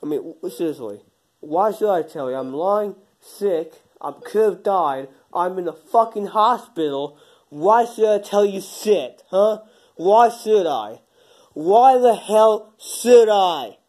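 A young man playing a bitter, hot-tempered man who was shot and now lies in hospital, yelling accusations in an amateur phone-call drama. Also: fairly high pitch, expressive, brisk, husky. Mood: angry. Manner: angry, shouting, accusing.

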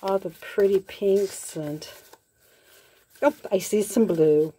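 A woman crafting vlogger chatting casually as she opens happy mail, gushing with soft excited exclamations. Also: medium pitch, takes it slowly, slightly rough. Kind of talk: casual unboxing chat.

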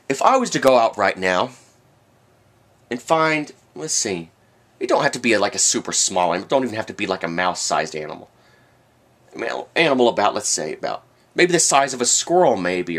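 A man's voice: lowish voice, very animated, a little fast, long pauses, a bit bright. A man delivering a rambling, sarcastic rant to camera, with sudden outbursts. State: has the hiccups. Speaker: vlogger. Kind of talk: ranting monologue.

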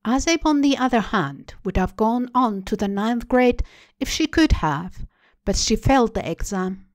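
A woman reads a literary short story aloud in a slow, measured way. The sound is dry and close, with no room around her voice. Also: a little high, animated, dry recording. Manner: measured, deliberate reading. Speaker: story reader. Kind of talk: literary reading.

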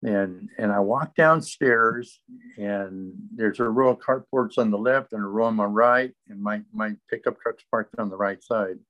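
A man's voice: fairly low pitch, unhurried, muffled recording. A man sharing his recovery testimony as an interview guest, telling the story earnestly and in close detail.

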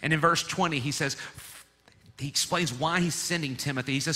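Bright-voiced pastor preaching in a reverberant church. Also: male voice, a little high, fairly quick. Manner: lively, playful teaching, leads congregation in repeating words. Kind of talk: sermon. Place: church sanctuary. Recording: long hall reverb of a church.

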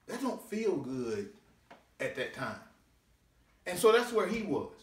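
Man preaching in an echoey church. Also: big pitch swings. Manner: preaching with swooping pitch and drawn-out scripture reading. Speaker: deacon. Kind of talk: sermon. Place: church sanctuary. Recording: echoey church room, mic at a distance.

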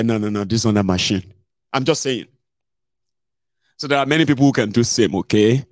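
A man's voice: medium pitch, a little mellow, no echo, studio quality. A man with a Nigerian accent hosting a political livestream, chatty and digressive, slipping into pidgin with many fillers. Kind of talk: casual livestream commentary.

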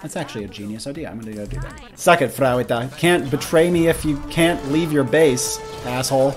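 A young man hosting a let's-play, commentating excitedly, swearing and exclaiming as he plays. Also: medium pitch, fairly quick, music in the background. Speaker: gaming video host.

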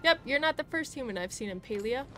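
Brief: woman reading a chatty young woman scholar from a cozy game, fairly high voice, game music playing underneath. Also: lively intonation, fast talker, pushed and bright. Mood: friendly. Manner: reading game dialogue aloud in her own voice. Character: young female apprentice scholar researching ruins.

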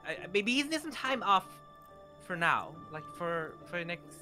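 A man's voice: high voice, very animated, moderate pace, pushed and bright, soft background music. A man roleplaying in a Minecraft series who talks in a flustered, stammering way and keeps repeating words. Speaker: roleplay player.

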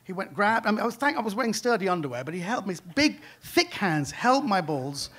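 A British man, a comedian, telling a true story on stage in an animated, self-deprecating way. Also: sits high, fairly quick. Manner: animated, self-deprecating, laughing through lines. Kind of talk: live comic storytelling. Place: on stage at a live storytelling event.

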